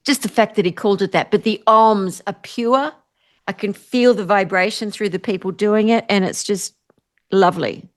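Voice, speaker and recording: A woman's voice: medium pitch, moderate pace. A woman hosting an online spiritual event, chatting effusively and guiding a meditation, with frequent laughs. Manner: bubbly and effusive, laughs often. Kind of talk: guided meditation and livestream chat.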